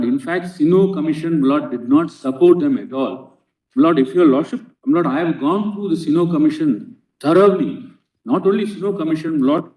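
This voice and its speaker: A man's voice: on the high side, dark tone. A man with an Indian English accent arguing a legal case before a bench in a courtroom, earnestly addressing the judges as "Lord" before nearly every phrase. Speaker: advocate. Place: large courtroom. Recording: echoey courtroom, distant mic.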